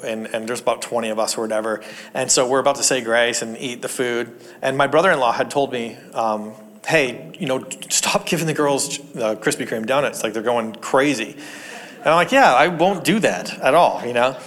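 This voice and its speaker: A young man giving a sermon, telling funny family stories and laughing often as he makes his point. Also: mid-range voice. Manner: jokey, animated, laughs at his own stories. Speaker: pastor. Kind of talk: sermon with personal storytelling.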